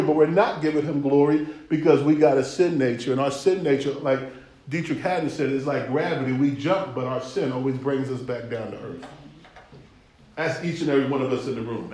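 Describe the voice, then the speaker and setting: Call-and-response preacher in an echoey hall. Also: male voice, a little high, mellow. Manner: conversational, rhythmic, calls for responses. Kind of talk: sermon. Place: church sanctuary.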